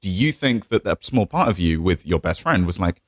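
A man's voice: sits low, expressive, normal speed, no echo, clean studio sound. A young man from England with an English accent, co-hosting a casual podcast chat, playful and teasing, laughing often. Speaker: podcast co-host.

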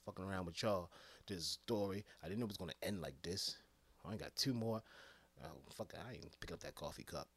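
A man voicing a fed-up male TV crew worker who grumbles in a low, dropped voice. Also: fast, fairly bright tone, husky, dry recording, exaggerated voice. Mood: grumbling.

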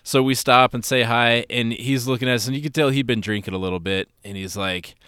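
Smooth-voiced man telling a story. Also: mid-range voice, a little fast, no room sound, studio quality. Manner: relaxed, rambling anecdotes with fillers. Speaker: podcast co-host. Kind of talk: casual storytelling chat.

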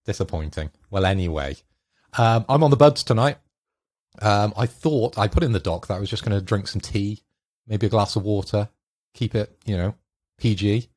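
A man's voice: on the low side, moderate pace, darkish tone. A man co-hosting a casual podcast, dry and teasing. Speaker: podcast co-host. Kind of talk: casual chat.

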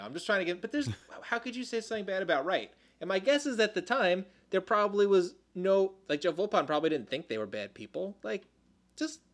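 Guy on a sports podcast, worked up and animated, lots of quick asides. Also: on the high side. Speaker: podcast co-host. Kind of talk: casual sports podcast chat.

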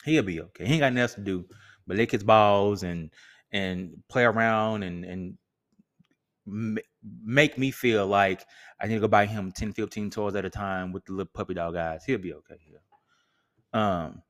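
Podcast host, male, low voice, laid-back slangy delivery with jokes. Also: normal speed, fairly bright tone. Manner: casual, joking, slangy. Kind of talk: solo podcast chat.

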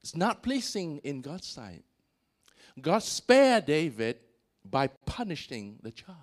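Animated male preacher. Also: takes it slowly. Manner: animated, voice swells on key points and drops low after. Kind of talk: sermon.

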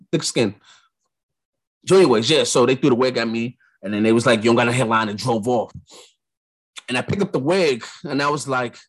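A young man from New York with a New York accent, hosting a podcast and telling a story in a casual monologue, animated, acting out the lines of the people in it. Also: medium pitch, breathy edge. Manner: animated storyteller, acts out quotes. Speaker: podcast host.

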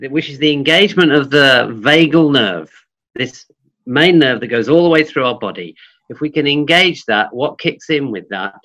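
A man with a fairly low voice speaks in a thoughtful, reflective way, pausing with ums and restarting his thoughts as he explains. The audio has a dull, lo-fi quality. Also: a bit bright. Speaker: guest, forest school trainer.

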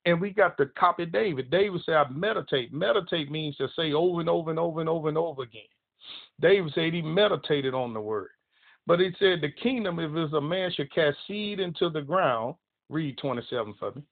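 Preacher, male, emphatic broadcast sermon, slightly raised pitch, tinny phone audio. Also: expressive, fairly quick, creaky. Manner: emphatic, repeats phrases and quotes scripture.

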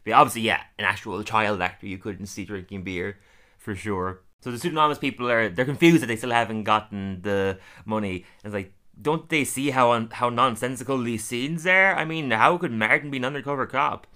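A man hosts a casual podcast and recaps cartoon episodes with a grin in his voice. His tone is bright and forward. He laughs often and scatters fillers through his talk. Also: mid-range voice, fairly quick. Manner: chatty, laughs often, many fillers, acts out quotes. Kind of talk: casual chat.

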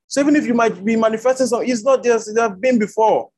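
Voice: medium pitch, fast, few pauses, darkish tone, rough recording. A preacher giving an online Bible teaching over a video call, repeating key words for emphasis.

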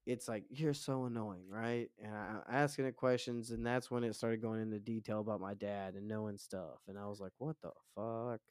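A man's voice: lowish voice, little pitch movement, a little fast, few pauses, a little mellow, smooth, no echo, studio quality. Profane young man telling a wild story. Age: 20s. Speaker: podcast guest. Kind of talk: casual storytelling.

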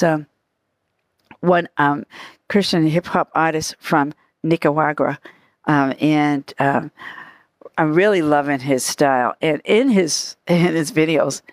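A woman's voice: deep voice, no echo, clean studio sound. A woman with a Boston accent, hosting a podcast and chatting casually, laughing often and repeating herself. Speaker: podcast host.

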